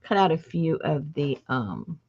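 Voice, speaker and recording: A woman hosting a crafting session speaks slowly, with a pitch that swings up and down freely. She chats casually and thinks aloud as she works. The recording is dull and lo-fi. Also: big pitch swings, darkish tone, slightly rough. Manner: chatty, thinks aloud while working. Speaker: crafting channel host. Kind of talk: casual chat while crafting.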